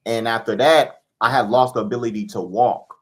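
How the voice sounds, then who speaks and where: Calm man explaining spiritual gifts. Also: mid-range voice, normal speed. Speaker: spiritual guest and DJ. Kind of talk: casual interview talk.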